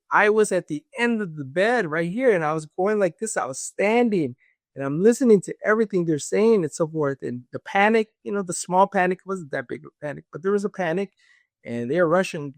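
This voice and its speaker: Brief: male guest, gravelly, fairly high voice, dry close sound, casual storyteller voicing others' lines. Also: no echo. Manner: recounts dialogue, acting out voices of others; casual, with many fillers like "this and that". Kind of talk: storytelling in conversation.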